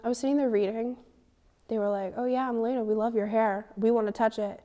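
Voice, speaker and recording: A teenage girl telling a personal story in an interview, animated and indignant, acting out the dialogue. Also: on the high side, fairly quick, slight background noise. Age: teens. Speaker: student interviewee.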